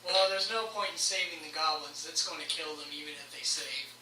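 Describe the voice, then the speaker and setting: Low-voiced woman game master, far off. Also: fairly even intonation, a little fast. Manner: matter-of-fact, narrating rolls. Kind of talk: running a tabletop game. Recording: echoey room from far off, background noise.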